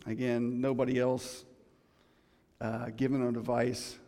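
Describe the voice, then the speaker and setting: A man's voice: mid-range voice, flat delivery, a little slow, warm tone, in a large hall. A man preaching a sermon in a conversational, joking way, with many restarts.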